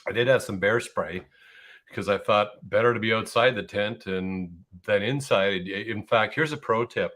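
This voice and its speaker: A man's voice: fairly low pitch, moderate pace, a bit bright. A man in casual conversation who laughs easily while telling an anecdote.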